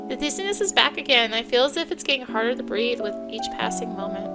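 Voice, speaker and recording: Gravelly woman reading a game aloud. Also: on the high side, lively intonation, fairly quick. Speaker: let's play host. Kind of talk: reading a visual novel aloud. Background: game music.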